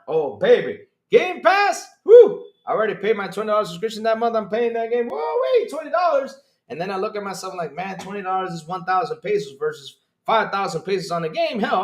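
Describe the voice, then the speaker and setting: Animated, excitable man streaming in an echoey room. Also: high voice. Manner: animated, excitable, swears freely, voice jumps up when worked up. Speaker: podcast host streaming to chat. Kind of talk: casual opinionated livestream talk.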